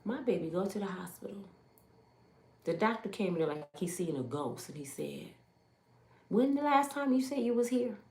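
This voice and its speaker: A woman's voice: mid-range voice, lively intonation, normal speed, gravelly, mellow, reverberant. A middle-aged woman from Michigan telling an emotional personal testimony, emphatic and full of quoted dialogue. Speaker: testimony speaker.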